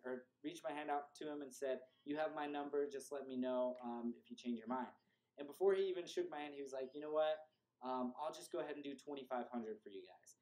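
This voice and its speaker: A young man talks through a story in a loose, chatty way, leaning on fillers and repeating words for emphasis. His voice is mellow and even in pitch. The room around him has a noticeable echo. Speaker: host. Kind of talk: casual storytelling advice vlog. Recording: echoey room.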